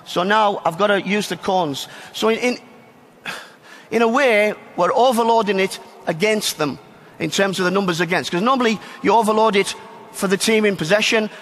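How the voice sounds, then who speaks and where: Male coach running a drill, high voice, echoing space. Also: moderate pace, fairly bright tone. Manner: directive, addresses players and coaches by turns. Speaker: soccer coach. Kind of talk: live coaching demonstration.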